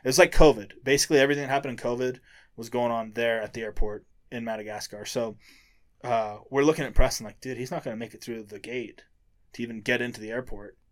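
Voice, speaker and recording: A man hosting a podcast in casual chat, relaxed, filling in details of a shared story. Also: mid-range voice, fast talker.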